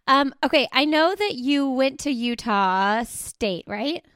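A woman's voice: high voice, animated, takes it slowly, fairly bright tone, clear, resonant tone, no echo, studio quality. A woman hosting a podcast, chatty and upbeat as she introduces a guest and interviews her. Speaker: podcast host.

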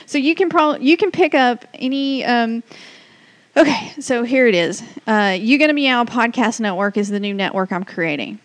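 A woman's voice: on the high side, moderate pace, dry recording. A woman with a Southern US accent hosting a loose, unscripted podcast, rambling and restarting her sentences. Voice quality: rambling, restarts a lot, chatty. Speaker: podcast host. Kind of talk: casual unscripted podcast chat.

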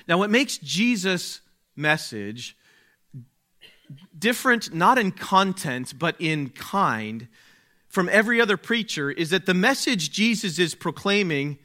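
Slow, bright-voiced male preacher. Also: mid-range voice. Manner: slow, emphatic preaching with dramatic pauses and swells of volume. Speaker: pastor. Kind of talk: sermon.

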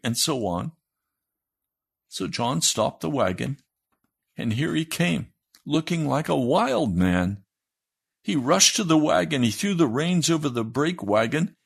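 Pastor telling a dramatic story. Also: male voice, fairly high pitch, animated, a little slow, creaky, a bit bright, breathy edge. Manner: dramatic storytelling, raising his voice for quotes. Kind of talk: sermon story reading.

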